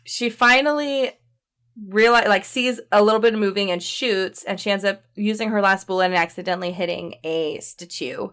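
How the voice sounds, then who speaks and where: A woman co-hosting a podcast, recapping a movie in a chatty, animated way full of fillers and laughs. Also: mid-range voice, moderate pace, smooth. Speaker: podcast co-host. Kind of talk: casual chat recapping a movie.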